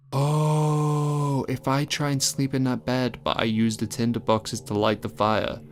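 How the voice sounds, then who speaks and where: A man with a low-pitched voice commentates his gameplay, reading the on-screen text aloud with dry asides. He swears a lot and yelps when startled, over faint game music in the background. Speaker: let's play gamer.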